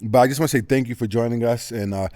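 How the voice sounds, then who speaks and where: Halting, laughing man hosting a chat. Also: mid-range voice, warm tone, dry recording, studio quality. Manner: halting, many fillers and restarts, laughs often. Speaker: podcast host. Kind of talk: casual interview chat.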